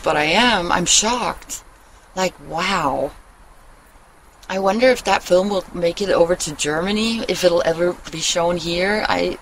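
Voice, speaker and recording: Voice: medium pitch, a bit bright, a little hiss or hum, rough recording. Blunt, rambling, profane vlogger. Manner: blunt and profane, trails off and restarts. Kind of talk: rambling casual monologue. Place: at home, living in Germany.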